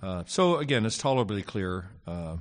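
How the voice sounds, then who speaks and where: Low-voiced hesitant male Greek teacher. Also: animated, normal speed. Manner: hesitant, many fillers, wry asides. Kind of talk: classroom lecture on Greek grammar.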